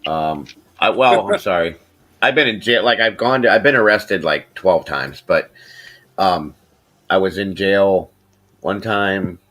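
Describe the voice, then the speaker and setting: A middle-aged man hosting a casual podcast, telling a rambling, profane story and getting animated when he quotes people. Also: low-pitched, unhurried. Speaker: podcast host.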